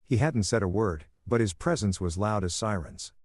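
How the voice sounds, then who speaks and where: Male narrator, low, soothing voice, dry close-miked read. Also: normal speed, no room sound. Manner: calm, soothing reading. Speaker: story narrator. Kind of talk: first-person story narration.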